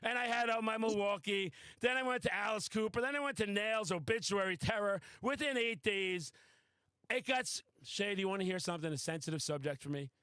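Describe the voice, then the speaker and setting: A man hosting a podcast, telling a wild story in a casual, excitable, boastful way and swearing freely. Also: sits high, brisk, smooth, no room sound. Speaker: podcast host. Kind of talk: casual chat.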